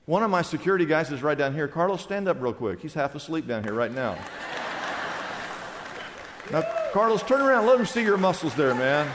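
A high-pitched male pastor preaches an emphatic sermon, throwing questions out to the congregation. His voice rings with a long reverb from the church sanctuary. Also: lively intonation, fast talker, few pauses, a faint crowd, slight background noise.

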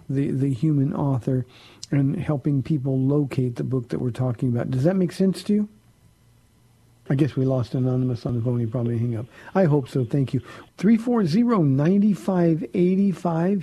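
A man's voice: a little high, dark tone, husky, dry recording, low-quality recording. A man pastor on a call-in radio show, answering listeners' Bible questions in an earnest, explaining way with many fillers.

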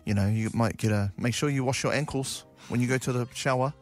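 A man's voice: mid-range voice, brisk, faint music behind. A man with a New Zealand accent co-hosting a radio show, chatting casually and rambling a little. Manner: laid-back, rambling, says man a lot. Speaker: radio host. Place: radio studio.

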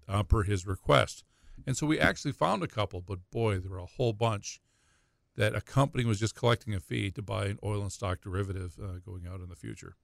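A low, gravelly man talks money on a call-in radio show. He rambles and stumbles through fillers and restarts. The sound is close and dry. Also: dry recording. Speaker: financial advisor guest.

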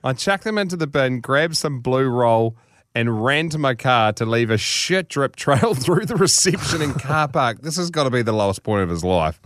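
A man's voice: mid-range voice, expressive, moderate pace, a bit bright, dry recording. A man co-hosting a podcast, reading a story and chatting casually, with blunt joking asides. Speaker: podcast co-host.

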